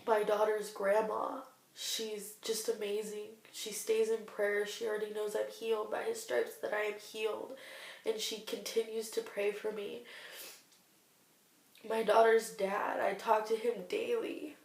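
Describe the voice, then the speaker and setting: Young woman, twenties, earnest video diary, gravelly voice, echoey room, distant mic. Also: mid-range voice, level tone, unhurried, darkish tone. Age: 20s. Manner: earnest, heartfelt, faith-filled. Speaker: vlogger sharing a cancer diary.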